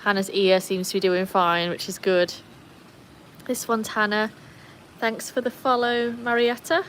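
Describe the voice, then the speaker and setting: A British woman hosting a casual livestream by her backyard pool, chatting and laughing often, cooing at her dogs in a high voice. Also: slow, long pauses, a bit bright, slight background noise. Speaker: livestream host.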